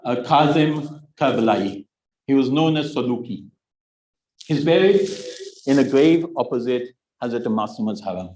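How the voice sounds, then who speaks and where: A man's voice: fairly high pitch, a little mellow, reverberant, poor audio. A man in his sixties giving a Muharram sermon, telling a story, acting out its dialogue and adding joking asides to the audience. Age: 60s. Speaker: religious speaker.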